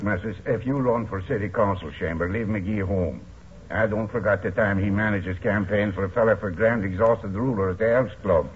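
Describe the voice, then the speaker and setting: An actor playing a jolly, teasing lodge janitor who speaks broken English, in a 1940s radio comedy. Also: male voice, fairly low pitch, natural voice. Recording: tinny old radio broadcast, faint hiss.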